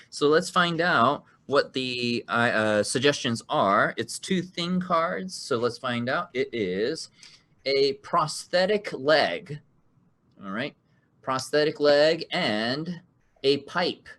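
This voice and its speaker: A man's voice: mid-range voice, animated, measured pace, fairly bright tone. Guy hosting an online improv card game, cheery, laughing, reading rules out. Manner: upbeat, laughing often, reading rules aloud. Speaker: game show host.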